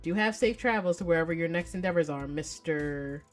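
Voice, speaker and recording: A woman plays a polite male love therapist with formal, measured manners. He speaks in a lowish, courteous voice with a faint teasing edge. Soft music plays faintly behind him. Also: close to an everyday voice.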